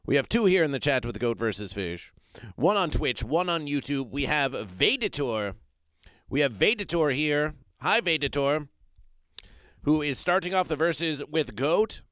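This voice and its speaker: A man hosting a comedy livestream from a small room, speaking into a desk mic. He refers to himself in the third person in a stilted, mock-formal manner and repeats his phrases for effect. His voice is smooth and resonant, and the recording is close and dry. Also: a little high, lively intonation, a little slow, a bit bright, no room sound. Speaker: livestream host reading chat.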